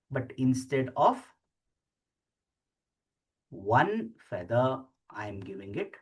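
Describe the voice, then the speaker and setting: Slow teacher. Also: mid-range voice, a little mellow. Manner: slow, deliberate, repeats sounds aloud for practice. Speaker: Sanskrit teacher. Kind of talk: explaining script while writing letters.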